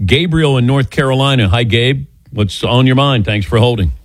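A middle-aged man hosts a casual call-in radio show, lively and joking with his co-hosts and telling animated stories. Over a studio microphone his voice is mid-range, at a normal speed, with no echo.

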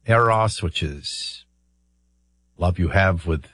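Speaking slowly in a low, husky, slightly bright voice, a middle-aged man offers conversational political commentary on his talk radio show. He explains his opinions in a meandering way, full of ums and uhs. There's no echo.

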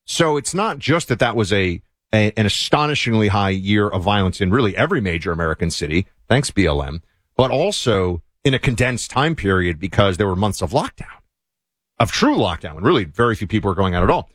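A man's voice: lowish voice, sing-song, a little fast, fairly bright tone, no echo, clean studio sound. A man hosting a talk show, giving sardonic, opinionated commentary that rambles with frequent restarts.

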